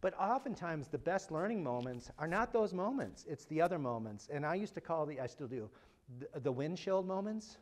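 A man's voice: a little high, normal speed. A man giving a talk at a parent workshop, asking the audience questions and joking with them. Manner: animated, asks the audience questions, jokes. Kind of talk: lively talk to a live audience. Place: room with a live audience.

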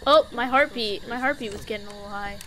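A woman with a high, sharp, bright voice chats casually while playing a ghost-hunting game. She is playful and teasing, often breaking into giggles, with a faint hiss behind her. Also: fast. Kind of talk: casual gaming chat.

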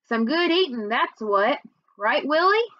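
A man's voice: very high-pitched, very animated, unhurried, no echo, highs cut off, pitched above the performer's own voice, heavily acted. Woman reading as folksy old homeless man. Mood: chatty.

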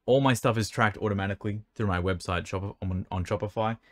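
The recording is dry, and the man's voice sits on the low side as he talks fairly quickly. He's answering viewers' card-selling questions in a room beside an air conditioner, rambling casually, tripping over words, his dry mouth making him hiccup.

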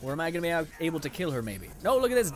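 A man's voice: fairly high pitch, big pitch swings, very fast. A young man giving casual gameplay commentary, sarcastic and frustrated, swearing often and laughing at his own losses. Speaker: gaming channel host.

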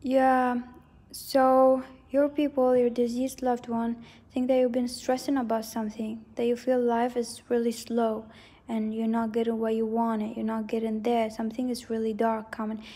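A woman's voice: on the high side, little pitch movement, moderate pace, warm tone. A woman giving a casual psychic tarot reading, rambling and hedging as she repeats herself. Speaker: tarot reader.

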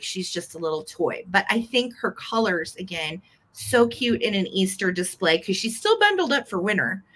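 Brief: female live-sale host, bright forward tone, gushy chatter. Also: medium pitch. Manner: chatty and gushing, fond little words. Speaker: host selling vintage items live. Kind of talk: live sale chat, describing items.

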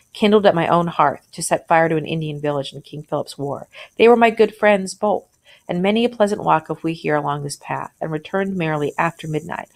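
A woman reading aloud the lines of a sly older male traveler in a story, in archaic, persuasive phrasing. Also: low-pitched.

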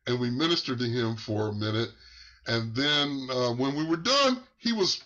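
A man telling a church testimony in a halting, unhurried way, pausing and restarting, his voice climbing as the story excites him. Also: medium pitch. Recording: muffled lo-fi recording.

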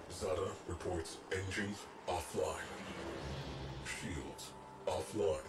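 A grave, low-voiced narrator for a video game, speaking slowly and steadily. He sounds distant and roomy in the game's mix, with loud gameplay noise underneath. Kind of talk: game voice acting.

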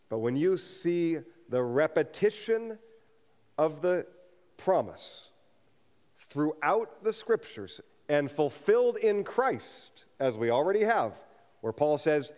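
A man's voice: on the high side, sing-song, unhurried, a little mellow. A man preaching a sermon as a pastor, earnest and building to fervent emphasis. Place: church sanctuary. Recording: long reverb of a church hall.

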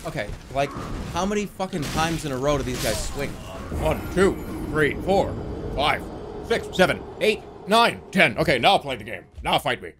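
A man streaming a video game, casually chatting and telling a long, excitable story, swinging from low mumbles to yelps. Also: normal speed, noisy background. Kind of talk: casual gameplay commentary.

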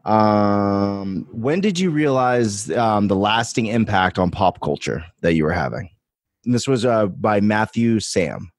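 A man's voice: fairly low pitch, lively intonation, unhurried, no echo. A man hosting an interview podcast, enthusiastic and full of praise for his guest. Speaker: podcast host. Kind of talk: casual interview.

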